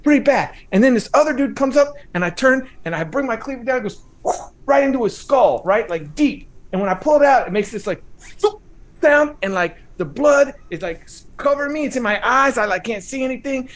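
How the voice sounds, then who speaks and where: A man's voice: very high-pitched, lively intonation, a little fast, voice pushed up. A man voicing a tough old-school male gangster from Los Angeles, speaking with a Chicano English accent in a swaggering, streetwise way. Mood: wild.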